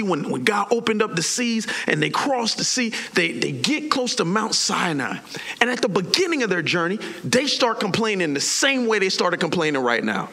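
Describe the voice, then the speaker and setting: A man's voice: high voice, pushed and bright. A man preaching a sermon as a pastor, telling the story animatedly in casual slang and acting out voices.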